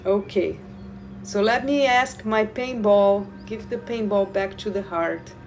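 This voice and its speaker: A woman who guides Reiki, talking slowly and loosely to viewers in a live stream, repeating words and addressing them directly. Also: medium pitch, soft background music. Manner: slow, meandering, repeats words, talks to viewers. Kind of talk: live spiritual stream talk.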